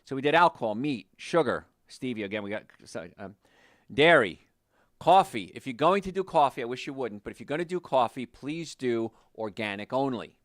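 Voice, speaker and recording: Male health host, animated storyteller, lively pitch, dry close sound. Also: a little fast, no room sound. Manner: animated, storytelling, quotes patients in lowered voice. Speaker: health show host, doctor. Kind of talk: casual health talk to listeners.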